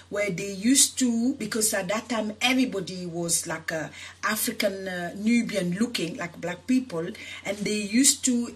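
With a mid-range voice that's a bit bright, a woman activist shares her personal story in an interview, frequently restarting. She's from Senegal but grew up in France, and her telling is earnest and full of emotion.

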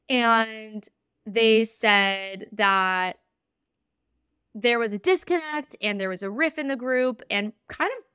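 A woman hosting a podcast as a spiritual practitioner, telling a personal story in an earnest, animated way and acting out the conversations she recalls. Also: on the high side, clear, resonant tone, no room sound, studio quality.

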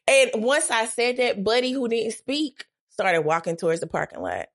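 Animated woman telling a story. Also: moderate pace, hardly any pauses. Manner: profane, dramatic, acts out quotes with big pitch jumps. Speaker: podcast guest.

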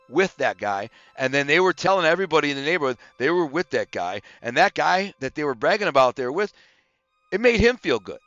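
A man casually telling stories from his past in a streetwise, animated way, acting out what others said. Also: on the high side, no echo, dull audio. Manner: streetwise, animated, quotes others in acted voices. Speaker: storyteller recalling his past. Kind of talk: casual storytelling monologue.

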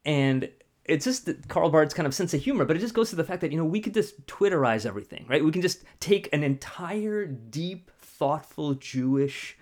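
A man co-hosting a faith podcast, telling stories in a casual, lively way. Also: fairly high pitch, moderate pace. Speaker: podcast co-host.

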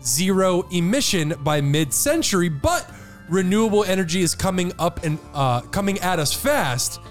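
A male podcast host who reads out news stories, then riffs on them and laughs often. His voice is high and leaps around with lively pitch swings. Soft music plays faintly behind him. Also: moderate pace. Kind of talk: casual news-discussion banter.

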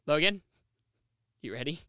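A man's voice: on the high side, lively intonation, unhurried, sharp tone, clean tone, dry recording, clean studio sound. A man hosting a comedy podcast, rambling and joking in casual chat. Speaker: podcast host.

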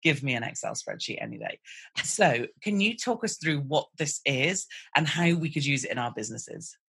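A low-voiced woman hosts a podcast, excitable and quick with her words. Her tone is bright and forward, with a husky edge. She asks her guest questions in a loose, chatty way. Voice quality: naturally low voice. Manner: excitable and fast-talking. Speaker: podcast host. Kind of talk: conversational podcast interview.

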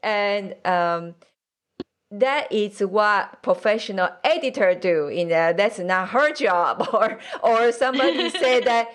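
A woman in her late forties with a mixed accent, hosting a podcast and chatting casually, halting with many fillers and frequent laughter. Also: medium pitch, animated. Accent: mixed accent from several places. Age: 40s. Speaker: podcast host. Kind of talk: casual conversational interview.

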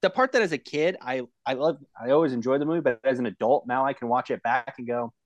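A man co-hosting a casual podcast, ranting in an expressive, exasperated way. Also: mid-range voice, quick pace, dry recording, highs cut off. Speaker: podcast co-host. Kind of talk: casual chat.

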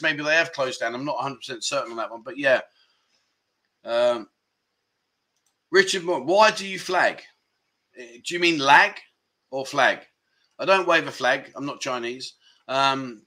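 A rambling man hosts a casual livestream chat from his phone. His voice is bright and a touch high, and he drifts from one viewer comment to the next. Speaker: livestream chat show host. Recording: live stream from a mobile phone.

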